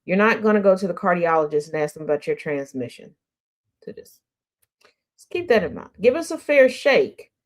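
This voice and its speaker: A woman's voice: fairly low pitch, sing-song, normal speed. A woman hosting an internet radio show, chatting casually with her audience, teasing them and laughing often. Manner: talks straight to the audience. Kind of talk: casual livestream chat.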